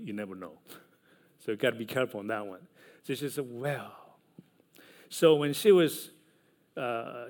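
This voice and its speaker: Slow, emphatic male preacher. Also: a little high. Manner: slow, emphatic preaching with loud peaks and dropped asides. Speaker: pastor. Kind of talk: sermon.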